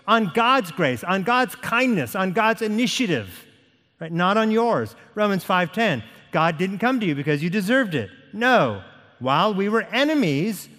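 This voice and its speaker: A man preaching a sermon to a congregation, reading scripture slowly and pressing each point with emphasis. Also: high-pitched, a bit bright. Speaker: pastor. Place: church sanctuary. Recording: long hall reverb.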